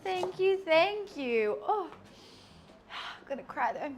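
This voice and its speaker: A woman's voice: extremely high pitch, very animated, takes it slowly, a little hiss or hum. A young woman live streaming while she cooks in her kitchen, chatting to her viewers in a self-mocking way and laughing often. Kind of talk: casual chat to a live stream audience while cooking. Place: home kitchen.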